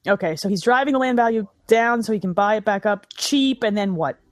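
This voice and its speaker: A woman's voice: medium pitch, brisk, dry recording, studio quality. Sarcastic woman riffing on a movie. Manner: sarcastic, swearing, mocking the film. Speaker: movie riff co-host. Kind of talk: casual movie commentary.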